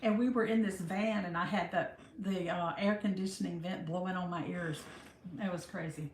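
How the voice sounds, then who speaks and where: A woman, hosting a casual livestream, chatting warmly with viewers and calling them honey. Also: on the low side, steady tone, moderate pace, slight background noise. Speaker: livestream host. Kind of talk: casual live chat greeting viewers. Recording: roomy echo.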